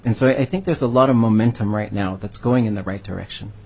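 Husky low-voiced man telling a story. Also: quick pace, a little mellow. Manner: earnest, heartfelt storytelling. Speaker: language educator on a panel. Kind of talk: storytelling answer in a panel discussion.

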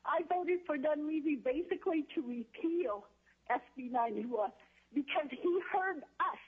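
A woman's voice: high voice, lively intonation, a little slow. A woman giving emotional, indignant public testimony, heard over a tinny phone line. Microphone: telephone.

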